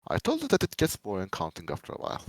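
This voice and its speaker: A man giving a dramatic reading of fan fiction, a first-person monologue, swinging between menacing loud lines and hushed pleading ones. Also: fairly low pitch, wildly swooping pitch, very fast, dry recording, poor audio.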